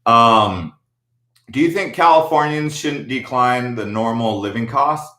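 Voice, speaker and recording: An American man hosts a casual livestream, answering viewers in a laid-back, slangy way with plenty of fillers. His voice sits at an ordinary middle pitch. The sound rings around a roomy, echoey space. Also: measured pace, sharp tone. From United States. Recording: echoey room.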